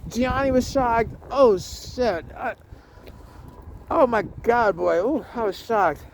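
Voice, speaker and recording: A man's voice: very high voice, slow, vocal fry. A man talks through a fight recap in a loose, offhand way, swearing freely and stumbling over his words. His speech is full of slang, "um"s and restarted sentences. A little faint noise sits under his voice. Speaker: vlogger reviewing a jiu-jitsu tournament. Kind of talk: casual rambling commentary.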